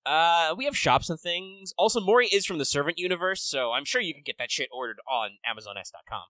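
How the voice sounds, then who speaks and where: A man co-hosting a podcast in casual chat, rambling and swearing with quick bursts of excitement. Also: on the high side, no room sound, low-quality recording. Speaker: podcast co-host.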